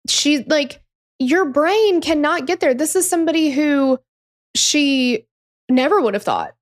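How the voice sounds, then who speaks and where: A woman's voice: high-pitched, expressive, a little slow. A woman hosting a true crime podcast, telling the story in a casual, emphatic way and swearing freely.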